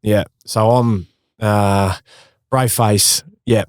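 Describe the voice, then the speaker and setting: A man in his thirties with an Australian accent, a former footballer telling stories in a casual interview, matey and quick to laugh. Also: fairly low pitch, steady tone, darkish tone, smooth, dry recording, clean studio sound. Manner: matey, laughing, acts out quotes.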